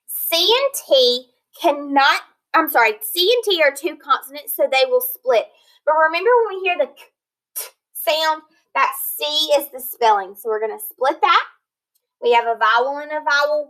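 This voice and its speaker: Woman, phonics teacher, high bright voice, patient and encouraging. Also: rough recording. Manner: slow, clear, encouraging teacher talk, sounding out words. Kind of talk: recorded phonics lesson for children.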